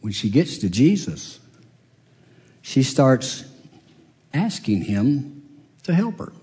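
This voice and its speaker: A man delivers a sermon from the pulpit, moving at an unhurried, deliberate pace. He retells a story and slips into the voices of its characters. His voice rings out with a long reverb tail in a large church hall. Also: mid-range voice, big pitch swings, dark tone. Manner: storytelling preacher, acts out quoted voices. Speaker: pastor.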